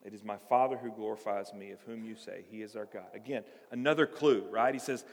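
A man preaching a sermon, animated, acting out the voices of the passage as he teaches. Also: medium pitch, normal speed. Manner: animated, acts out voices of the text. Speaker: pastor. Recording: reverberant hall.

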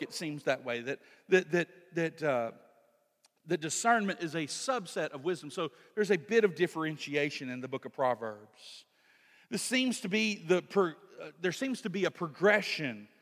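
A pastor preaching a sermon in an animated way, rising to shouts for emphasis. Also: male voice, on the high side. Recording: long hall reverb.

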